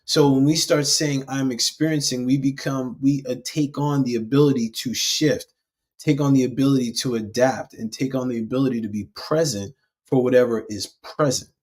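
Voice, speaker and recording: A man's voice: mid-range voice, fairly even intonation, normal speed, darkish tone. A man hosting a spiritual self-help live stream, talking casually and rambling, with frequent restarts. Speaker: host.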